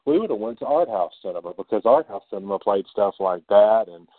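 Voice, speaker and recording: A man's voice: lowish voice, lively intonation, a little fast, no echo. A man co-hosting a podcast, chatting casually and profanely about horror films and laughing readily. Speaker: podcast co-host. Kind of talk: casual movie discussion. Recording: tinny phone-like sound, dry.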